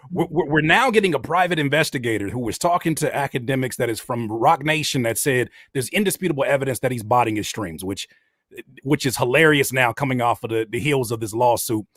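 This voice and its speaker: A man hosting a casual podcast chat, talking in an animated way and acting out quotes. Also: medium pitch, no room sound, studio quality. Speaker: host.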